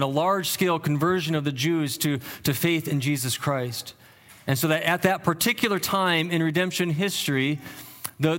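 A man preaches a verse-by-verse sermon in a voice that sits a little higher than most men's. He talks it through earnestly, restarting phrases as he goes, and lifts his voice to stress the points he wants heard. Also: fairly bright tone. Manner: earnest, repeats words as he thinks aloud. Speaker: pastor. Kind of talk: expository sermon.

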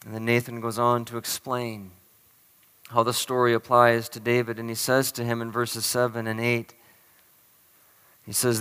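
A man preaching a sermon as a pastor, earnest and emphatic, stressing key phrases slowly. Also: mid-range voice, monotone, a bit bright, smooth, big-room sound.

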